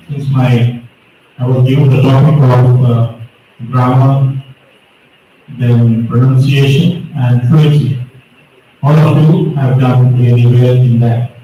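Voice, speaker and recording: Judging students at a speech competition, a man works slowly through pronunciation rules and corrects their mistakes in a school hall. His voice is mid-range, and the muffled recording, taken from far off in the echoey space, has slight background noise.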